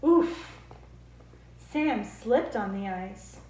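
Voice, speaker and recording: A woman speech therapist reading picture books aloud to children, slow, clear and expressive. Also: a little high. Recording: roomy echo.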